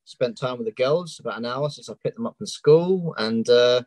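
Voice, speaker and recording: A man from England with a London accent speaks candidly in a casual interview and often pauses on "um." His voice sits low to mid in pitch, and the sound is dry and close, with little room behind it. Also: a little mellow, no room sound, poor audio. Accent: London English. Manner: open and candid, with many ums. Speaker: coaching client guest. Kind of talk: casual interview on a live stream.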